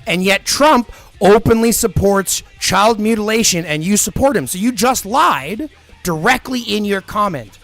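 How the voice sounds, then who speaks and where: A man's voice: sits high, lively intonation, a little slow, fairly bright tone, soft background music. A man live-streaming who answers viewer comments in a blunt, profane, argumentative way.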